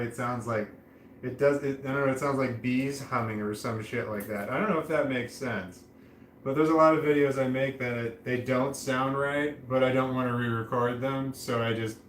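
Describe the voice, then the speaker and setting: A man vlogging casually to camera, speaking in a flat, droning monotone with a slight lisp on his S sounds and frequent restarts. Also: mid-range voice, echoey room, a little hiss or hum, rough recording.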